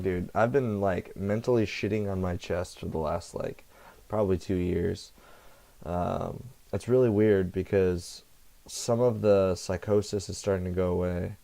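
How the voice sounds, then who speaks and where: A young man talks loosely to his camera, drifting between thoughts, swearing freely and catching his own slips. His voice sits low and crackles with vocal fry. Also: fairly even intonation, measured pace, dark tone. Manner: meandering, profane, self-correcting. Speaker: vlogger. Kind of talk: casual rambling monologue. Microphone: computer headset setup.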